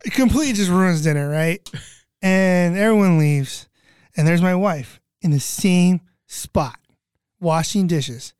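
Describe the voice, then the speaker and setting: A middle-aged man, a podcast guest, telling a family story in a casual, animated way and acting out the voices of the people in it. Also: high-pitched, measured pace, clear, resonant tone, no echo, studio quality. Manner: animated, acts out quoted voices.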